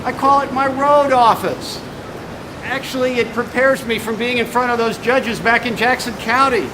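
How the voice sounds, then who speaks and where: A man playing a trial lawyer in a comedy sketch, relaxed and wry. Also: very high voice, normal speed, background noise.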